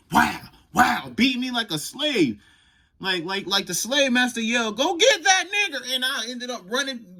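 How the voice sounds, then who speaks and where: A young man casually telling a profane, animated storytime vlog. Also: high-pitched. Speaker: vlogger.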